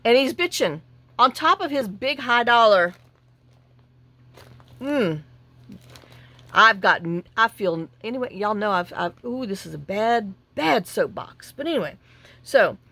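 A woman's voice: mid-range voice, expressive, a little slow, fairly bright tone. A woman telling a long, indignant story in a casual vlog, full of restarts and acted-out dialogue. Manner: chatty and indignant, with many restarts and quoted dialogue. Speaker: journaling vlogger.

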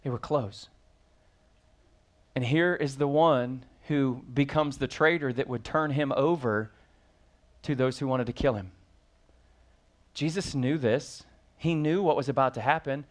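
A man's voice: medium pitch, a little slow, pauses often. A man preaching as pastor, reading scripture aloud and then explaining it with rising emphasis and questions to the congregation. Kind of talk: sermon.

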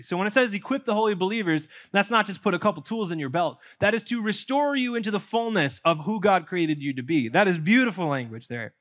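A pastor preaching a sermon in a church, conversational and playful, with jokes and asides to the congregation. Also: male voice, high-pitched, fairly bright tone. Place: church sanctuary.

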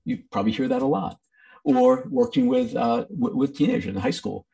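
A man's voice: mid-range voice, wildly swooping pitch, brisk, vocal fry, mellow, far from the mic. A man teaching a training session in a conversational way, with many ums and acted-out quotes. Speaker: workshop presenter.

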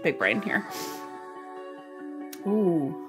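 A woman hosts a casual music reaction, drawn-out and unhurried in her delivery. She bursts into surprised exclamations and cheerful swearing as she goes. Soft music plays faintly underneath her voice. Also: on the low side, sing-song. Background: faint music playing.

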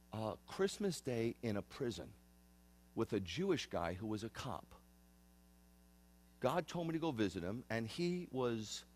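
A man's voice: medium pitch, a little mellow. A man in his fifties, a rabbi, preaching a conversational sermon in an earnest way, often repeating and restarting phrases. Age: 50s.

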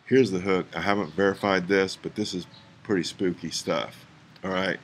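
A man's voice: sits low, normal speed. A man in a frustrated, preachy rant to his viewers, firing rhetorical questions and urging them to act. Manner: trails off into mutters, then rises to urgent pleas. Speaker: vlogger.

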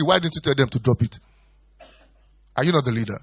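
A man's voice: lively intonation, fairly quick, long pauses, husky, no echo, clean studio sound. A middle-aged man preaching a sermon as pastor, dramatically acting out pleading quotes. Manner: dramatic, acts out quoted pleas with big pitch jumps.

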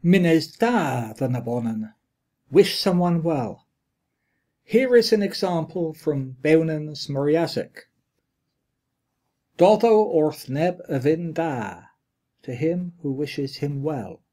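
A man reading a linguistics lecture aloud, with a deliberate, measured delivery of quoted examples and their glosses. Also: on the high side, animated, darkish tone.

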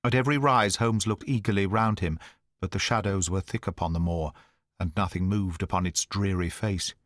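A man narrating an audiobook in a measured, dramatic storytelling manner. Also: lowish voice, fairly bright tone, no room sound, clean studio sound.

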